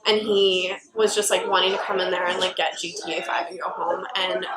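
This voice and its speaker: A woman who works at a game store, telling an animated story in casual chat, full of "like" fillers. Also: lowish voice, a little fast, very noisy. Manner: animated anecdote with many "like" fillers.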